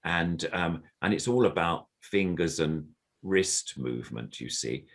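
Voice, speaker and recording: The guest is a veteran puppeteer, an older man on a computer video call, describing how his craft works and sometimes performing brief puppet voices. He sounds low, animated, and in no hurry.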